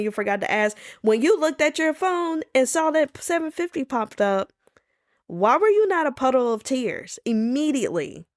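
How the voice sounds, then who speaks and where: A woman hosting a solo podcast, telling stories in a sassy, animated way. She talks casually, saying "y'all" and "baby", and puts on playful voices when she quotes people. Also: fairly high pitch. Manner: colloquial, says "y'all" and "baby". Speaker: podcast host.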